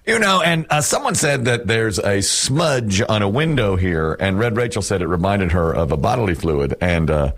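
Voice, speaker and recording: A man's voice: lowish voice, animated, normal speed, few pauses, fairly bright tone. A man hosting a morning radio show, telling stories in a rambling, chatty way. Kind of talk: casual morning show chat.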